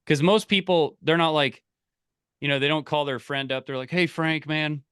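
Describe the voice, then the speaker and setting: A man coaching a live online group, energetic and full of restarts and repeated words. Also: on the high side, moderate pace, clear, resonant tone, no room sound, clean studio sound. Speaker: business coach.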